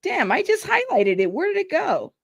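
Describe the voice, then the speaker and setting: Gravelly-voiced woman hosting transcript commentary. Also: extremely high pitch, wildly swooping pitch, normal speed, dry recording, muffled recording. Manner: chatty, laughs often, talks directly to her viewers. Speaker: host of a news commentary channel. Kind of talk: reading court transcripts aloud with casual commentary.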